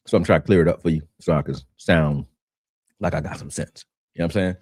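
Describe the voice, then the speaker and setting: A man's voice: a bass voice, quick pace, a little mellow, husky, dry recording, clean studio sound. A man who coaches boxing, hosting a casual livestream and chatting to viewers, repeating words as he gathers his thoughts, with a slight catch in his throat. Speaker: boxing coach and show host.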